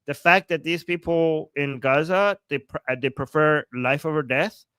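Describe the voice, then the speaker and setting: A man from Iran, hosting a live-streamed political commentary, reading chat aloud with a sarcastic, animated manner and frequent laughs. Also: a little high, normal speed, smooth, no room sound. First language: Persian. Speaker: political commentator and livestream host.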